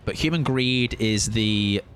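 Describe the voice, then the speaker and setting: A young man streaming a game, chatting excitably and mocking himself as he plays. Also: lowish voice, takes it slowly. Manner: chatty, excitable, self-mocking, swears casually. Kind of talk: live gameplay commentary. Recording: game music under the voice.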